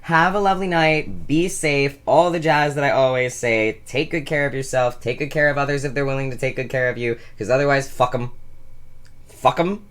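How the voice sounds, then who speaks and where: A hoarse, sleep-deprived vlogger rambles to a nearby camera from a hot room at home. The voice sits in a middle pitch. The talk is giddy, scattered and full of swearing. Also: steady tone, brisk, few pauses. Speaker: vlogger hosting a weekly singing stream. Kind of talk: rambling casual chat to camera. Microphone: camera at close range.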